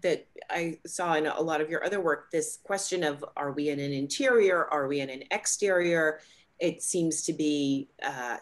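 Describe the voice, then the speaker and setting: Female interviewer, deep voice, thoughtful and descriptive, casual. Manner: thoughtful, descriptive, a few fillers. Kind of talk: casual conversation.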